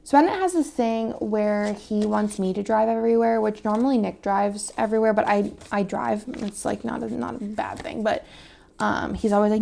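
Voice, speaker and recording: Brief: young woman planner vlogger, very creaky fry, rambling casual chat, now and then whispers. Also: a little high, dark tone. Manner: chatty, rambling, many fillers; drops to a whisper at times.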